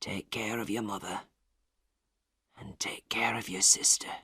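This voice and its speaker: A woman voicing a stern aging father who owns a mill, with a gruff manner. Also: sits low, animated, slow pace, bright, forceful tone, dry recording, clean studio sound, exaggerated voice. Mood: whispering. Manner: gruff, sinks to a faint whisper.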